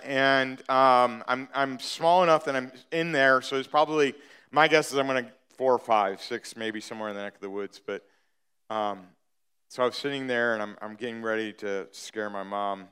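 A middle-aged pastor preaches a sermon with a mid-range, slightly bright voice and a clean tone. He tells a personal story conversationally, full of fillers and restarts, building toward emphatic points.

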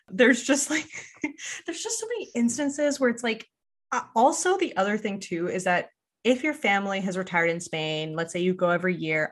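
A woman's voice: mid-range voice, a bit bright. A woman from Quebec hosting a podcast, chatting casually and laughing often. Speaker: podcast host. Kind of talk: casual chat.

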